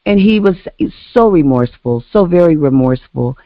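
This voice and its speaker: A woman's voice: normal speed, no room sound. A woman casually telling a story on a podcast, animatedly acting out the voices of the people in it. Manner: animated, acts out quoted voices with big pitch jumps. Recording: dull lo-fi, dry sound.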